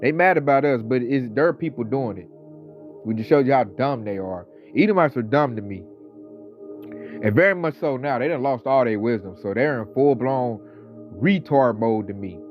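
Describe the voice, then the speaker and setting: A man delivering a casual ranting monologue, talking with animated, mocking energy and mimicking coworkers. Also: medium pitch, normal speed. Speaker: online commentator. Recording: slightly dull audio, faint background music.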